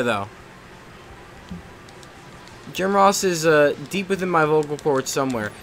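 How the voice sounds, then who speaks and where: A man's voice: fairly high pitch, expressive, unhurried, pauses often, fairly bright tone, slight background noise. A young man chatting casually while he live streams a game, rambling and swearing at the game now and then. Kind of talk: casual chat while gaming.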